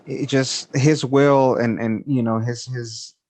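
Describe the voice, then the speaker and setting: Brief: mid-pitched man, show host, gentle and halting, stumbles over his words. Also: steady tone. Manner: hesitant, repeats words, gentle. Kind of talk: interview questions.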